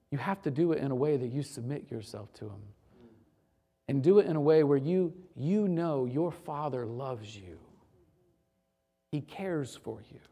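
A man's voice: on the high side, warm tone. A male pastor preaching a sermon to his church, emphatic and repeating phrases for effect.

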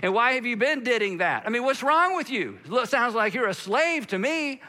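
A man with a high, bright voice preaching a sermon. He is animated, acting out the voices of the people he quotes. He preaches as a pastor. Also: brisk, few pauses.

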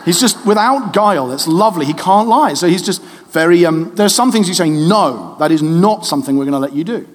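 Preacher, man, 30s, high voice, chatty sermon delivery, long reverb of a church hall. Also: a little fast. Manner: lively, conversational, jokes with the congregation.

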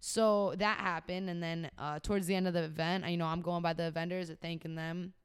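A young woman of about twenty-one, a podcast guest telling her story in a casual conversation, animated and full of "like" and "you know". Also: fairly low pitch, brisk, smooth. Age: young adult, about 21.

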